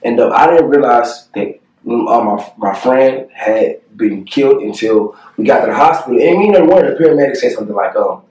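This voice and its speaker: A young man telling a painful personal story to the camera, earnest and halting, with many fillers and pauses. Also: mid-range voice, lively intonation, darkish tone, far from the mic. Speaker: family vlogger. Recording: echoey room, voice a bit off-mic.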